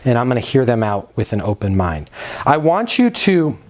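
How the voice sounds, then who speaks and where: A man's voice: medium pitch, big pitch swings, normal speed. A man giving a motivational training talk to leasing agents, direct and emphatic, drawing out key words for stress.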